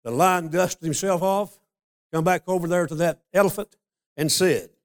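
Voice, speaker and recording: An older man preaching a sermon, a folksy storyteller who slows down to stress scripture. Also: high-pitched. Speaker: pastor.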